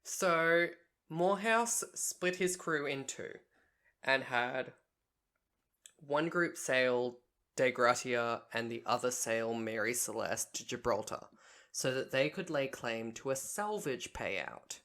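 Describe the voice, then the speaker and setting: Deep, slow-talking woman telling a tale. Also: animated, a bit bright. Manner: recounts a history case point by point, correcting herself. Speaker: podcast co-host. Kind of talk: casual storytelling chat.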